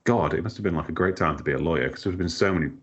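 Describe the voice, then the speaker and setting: A podcast co-host with a deep, husky voice races through a casual chat, joking, rambling on, and laughing frequently. The audio is a bit dull and lo-fi.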